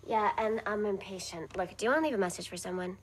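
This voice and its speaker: An actress playing a young woman alone in a sorority house, brisk and impatient on the phone. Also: medium pitch, noisy background, natural voice. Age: young adult. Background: music.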